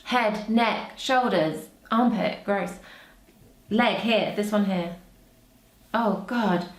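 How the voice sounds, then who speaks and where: A woman's voice: mid-range voice, slow pace. A woman, a vocal coach, chatting casually and exclaiming as she reacts, with frequent laughs. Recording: echoey room.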